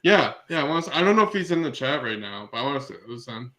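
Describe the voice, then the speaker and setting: A man co-hosting a podcast in casual chat, excitable and laughing often, with lots of fillers. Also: mid-range voice, racing, poor audio. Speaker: podcast co-host.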